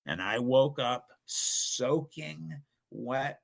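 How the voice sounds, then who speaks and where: Middle-aged man, podcast guest, gravelly bright tone, emphatic storyteller. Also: fairly low pitch, unhurried. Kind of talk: telling a personal story.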